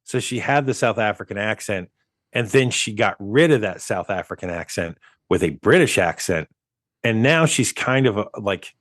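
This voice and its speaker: A man's voice: on the low side, expressive, normal speed, a bit bright, dry recording, clean studio sound. A man co-hosting a movie podcast in casual chat, rambling with many restarts and chuckles. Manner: rambling, restarts often, chuckles while talking. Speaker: podcast co-host.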